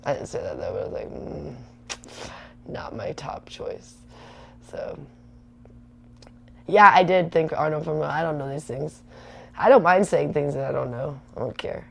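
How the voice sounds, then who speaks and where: A woman's voice: low voice, animated, brisk, gravelly, slight background noise. A woman in her thirties hosting a livestream, rambling chattily and answering viewer comments. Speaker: livestream host. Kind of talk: casual rambling livestream chat.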